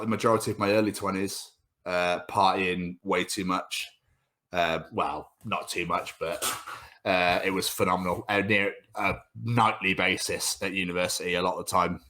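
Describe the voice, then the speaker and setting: A man's voice: low-pitched, a bit bright. A man in his thirties with a British accent, telling school stories as a podcast guest, laughing often and swearing freely. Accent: British English. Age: 30s. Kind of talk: casual podcast chat.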